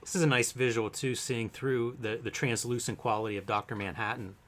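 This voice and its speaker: A man co-hosting a casual comics chat, speaking in a thoughtful, measured way with hesitations. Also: mid-range voice, fairly even intonation, fairly bright tone. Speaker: co-host.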